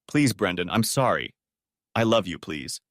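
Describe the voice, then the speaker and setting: A man's voice: sits low, very animated, unhurried, a bit bright, dry recording, studio quality, heavily acted. A man reading an audiobook voices a tearful wife who begs and pleads with her husband. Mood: pleading. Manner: begging, tearful. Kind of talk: audiobook character voice.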